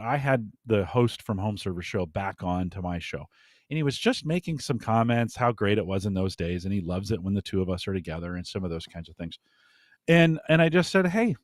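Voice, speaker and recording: A man talking as a guest in a casual podcast chat, animated and often chuckling, with frequent restarts. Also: on the low side, no echo, clean studio sound.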